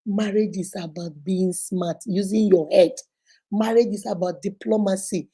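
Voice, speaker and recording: A woman's voice: medium pitch, steady tone, moderate pace, warm tone, husky. A Nigerian woman hosting a show, giving marriage advice in a sarcastic, preachy way and acting out quotes. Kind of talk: animated advice talk to camera.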